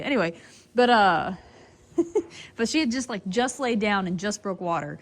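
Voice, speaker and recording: At night in a barn, a foaling attendant from a horse breeding farm chats casually with her horses and viewers for a vlog. Her mid-range voice is animated and moderately paced, and she pauses often as she rambles.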